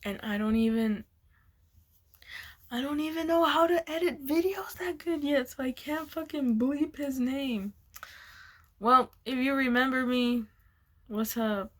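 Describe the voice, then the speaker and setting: A woman's voice: sits high, a little slow, long pauses. A young woman vlogger telling a casual storytime, laughing often and swearing as she rambles. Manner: giggly, swears a lot, loose and rambling.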